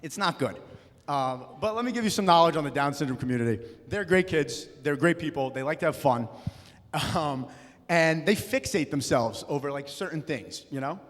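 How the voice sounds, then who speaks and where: A young man doing a stand-up comedy set, loud and punchy, slipping into acted-out voices. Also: fairly high pitch, expressive, moderate pace. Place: comedy club stage. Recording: live room with long reverb.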